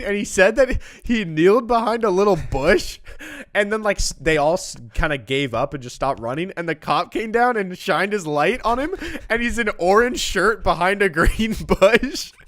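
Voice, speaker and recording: A man's voice: high-pitched, fairly bright tone. A young man co-hosting a casual podcast, chatting and telling stories with plenty of "like"s. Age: young adult. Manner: chatty, lots of "like" fillers. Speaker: podcast co-host. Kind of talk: casual chat.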